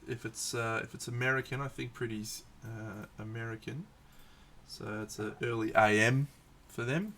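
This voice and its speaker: A man with an Australian accent chats casually as he paints miniatures on a live stream. His voice is bright and forward, and he banters in a laid-back way. A faint hiss sits under his voice. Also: mid-range voice, moderate pace.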